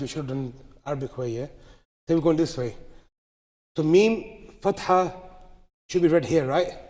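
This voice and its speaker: A man leads a live lesson on recitation rules, explaining each step and making sure his students follow along. His fairly high, mellow voice echoes with a long reverb through a large mosque hall.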